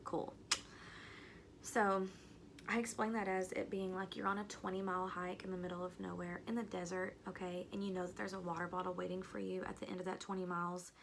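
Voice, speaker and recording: A woman's voice: fairly low pitch, flat delivery, a little fast, gravelly, a little hiss or hum. A young woman telling a long personal story to her viewers in a chatty, rambling way, with plenty of fillers and asides. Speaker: vlogger. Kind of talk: casual storytelling.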